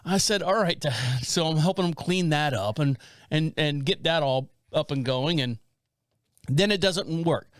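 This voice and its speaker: In an unhurried, higher-than-average voice, this forties-aged podcast co-host spins a lengthy story, animated and meandering, restarting often in easygoing conversation. The recording is dry with clean studio sound.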